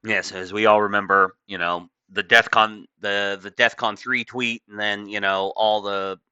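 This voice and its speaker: Casting: male commentator, offhand and rambling, bright forceful tone, dull dry lo-fi recording. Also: fairly low pitch, flat delivery, unhurried, clean tone, no room sound. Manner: offhand, rambling, many fillers. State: just woken up. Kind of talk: casual commentary reading a news article aloud.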